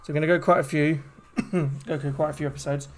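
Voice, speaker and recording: This man talks fast in a fairly high, steady voice. He's a streamer playing a horror game over background game music, rambling chattily and addressing his chat in casual live commentary.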